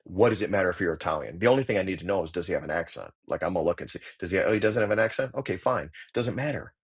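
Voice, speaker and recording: Middle-aged male actor-coach, deep husky voice, blunt and salty, explaining his craft. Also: expressive, rapid-fire. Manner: blunt, profane, emphatic. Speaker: actor and acting coach, guest. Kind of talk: casual interview talk.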